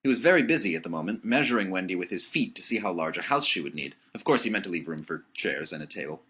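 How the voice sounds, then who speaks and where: A man narrating an audiobook with expressive storytelling. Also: deep voice, fast talker, a little hiss or hum.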